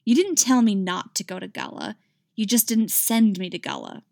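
A woman's voice: medium pitch, steady tone, unhurried, creaky, a little mellow, no room sound, studio quality. Woman reading as a blunt defiant swordswoman.

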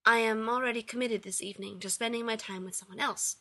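A woman's voice: fairly high pitch, fairly even intonation, quick pace, bright, forceful tone. A woman voicing a polite, formal male scientist who speaks in stiff, courteous phrases. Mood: polite, bemused.

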